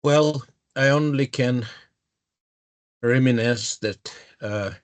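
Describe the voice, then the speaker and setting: A man moderating the session, speaking slowly and in a measured way. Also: medium pitch.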